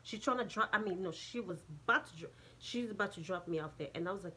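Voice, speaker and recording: A woman's voice: lowish voice, fast talker, few pauses, pushed and bright, breathy edge. Jamaican woman rambling thru a story, swears a lot, keeps restarting. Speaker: vlogger. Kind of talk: casual storytime.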